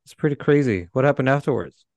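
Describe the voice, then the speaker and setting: A man's voice: medium pitch, expressive, fast talker, darkish tone, no echo. A man co-hosting a casual podcast, answering in a laid-back way with short replies. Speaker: podcast co-host and dog trainer.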